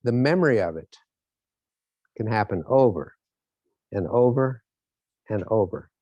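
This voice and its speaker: A man's voice: fairly low pitch, unhurried, no echo, lo-fi sound. A man giving a motivational lecture, telling stories and acting out the scenes as he goes. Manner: animated storytelling, acts out scenes. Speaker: motivational speaker.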